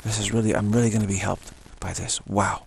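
Gravelly low-voiced man leading a practice. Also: little pitch movement, fairly quick, slight background noise. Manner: repetitive, chanting the same word between phrases. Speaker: meditation teacher. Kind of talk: guided spoken practice.

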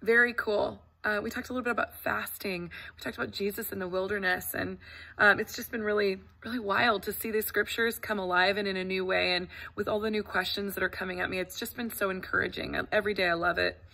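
Bright, effusive woman teacher. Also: mid-range voice, vocal fry. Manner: earnest, effusive, fillers and restarts. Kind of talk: casual welcome talk to parents. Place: empty classroom.

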